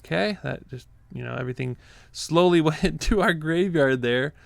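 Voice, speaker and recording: A man's voice: on the high side, normal speed, vocal fry, no room sound. A man giving live commentary on his own card game play, chatty and easily flustered, laughing often. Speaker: gaming content creator.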